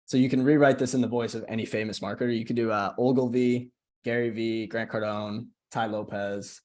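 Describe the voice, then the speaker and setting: A man's voice: mid-range voice, fairly even intonation, brisk, a little mellow. A man giving a casual screen-share tutorial on a video call as a marketing coach, talking in a chatty way, often asking "right?" and restarting his phrases.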